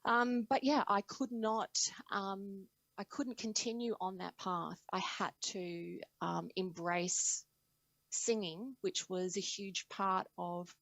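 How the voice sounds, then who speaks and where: A woman speaking as an interview guest on singing, reflective and animated in conversation. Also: mid-range voice, slow, no echo, poor audio. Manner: reflective, animated storytelling with laughs.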